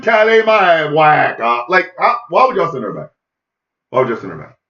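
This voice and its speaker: High, shouty ranting man. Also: echoey room, muffled recording. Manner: loud, incredulous, repetitive ranting. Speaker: comedy podcast host. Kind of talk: ranting comedic monologue.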